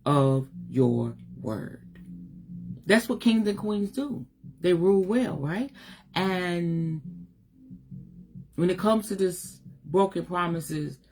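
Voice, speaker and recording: A woman's voice: fairly low pitch, dark tone, slightly rough. A middle-aged woman giving a livestream motivational talk as a spiritual teacher, emphatic, slangy and direct.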